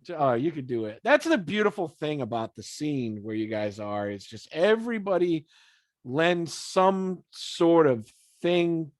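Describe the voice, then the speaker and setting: Animated, foul-mouthed man hosting an interview. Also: fairly high pitch, a little slow, no room sound. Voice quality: swears freely, animated storytelling. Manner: laughs often, acts out scenes in quoted voices. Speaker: podcast interviewer. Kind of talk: casual chat.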